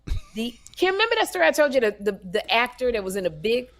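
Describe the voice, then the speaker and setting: A woman's voice: fairly high pitch, fast. Sassy woman podcast host telling a funny story, voice all over the place. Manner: animated, sassy, acts out voices. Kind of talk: casual comedic storytelling.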